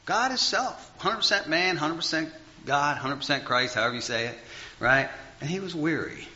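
A man preaching in a loose, conversational sermon, rambling with fillers and restarts, often rising high and then dropping to a near murmur. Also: animated, normal speed, sharp tone. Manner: rambling, full of fillers and restarts, big swings in pitch and volume. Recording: dull lo-fi recording.

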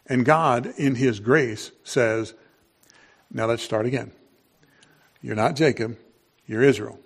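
A male pastor preaching a sermon in an unhurried, conversational way, with frequent fillers and restarts. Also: mid-range voice, creaky, slightly rough.

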